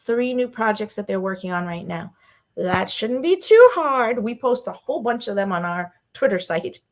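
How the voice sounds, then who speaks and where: A woman hosting a solo livestream show, talking casually and excitedly with frequent laughs and fillers. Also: medium pitch, a little fast. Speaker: podcast host.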